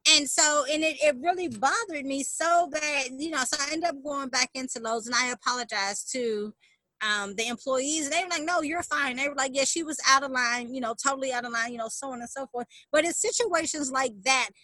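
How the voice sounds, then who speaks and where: A woman's voice: high voice, a little fast, sharp tone, no room sound, low-quality recording. A woman dog trainer telling a story as an interview guest, emphatic and acting out what people said. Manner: emphatic, re-enacts quotes with rising intensity.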